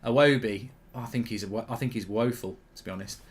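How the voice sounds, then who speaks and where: A man's voice: mid-range voice, fairly quick, breathy edge. A man hosting a live football watchalong, chatting opinionatedly and reacting to the match. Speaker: host.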